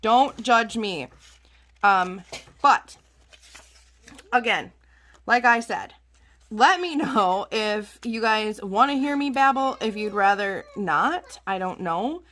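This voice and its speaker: A woman's voice: a little high, expressive, slow, long pauses, a bit bright. A woman rambling in a chatty, self-deprecating way as she talks through her journal crafting at home. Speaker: craft channel host. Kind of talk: casual chat while journaling.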